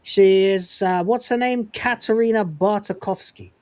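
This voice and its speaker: A man's voice: high-pitched, measured pace, a little mellow, no room sound. A man hosting a podcast who recaps a TV episode in casual chat, swearing freely and laughing as he retells scenes. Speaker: podcast host reviewing a TV episode.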